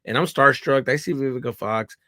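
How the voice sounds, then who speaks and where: A man, a comedian guest, telling stories in an animated, profane way with many fillers. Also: mid-range voice, a little fast, no echo. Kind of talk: casual interview chat.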